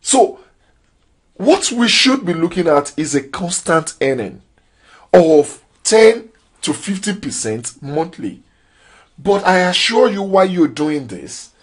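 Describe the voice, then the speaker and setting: Husky man giving a preachy trading talk. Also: on the high side. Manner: preachy, rhetorical questions, rising emphasis. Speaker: crypto trading trainer. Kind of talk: motivational training talk.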